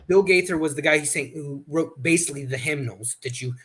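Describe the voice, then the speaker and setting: A man's voice: a little high, brisk, a bit bright, husky. A man hosting a casual chat, telling rambling stories with many restarts. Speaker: host.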